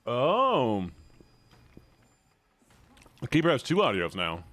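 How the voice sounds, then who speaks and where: A man streaming a game and chatting casually with viewers, animated and self-mocking, thinking aloud as he plays. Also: medium pitch, very slow, no room sound. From United States. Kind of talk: casual gameplay chat with viewers.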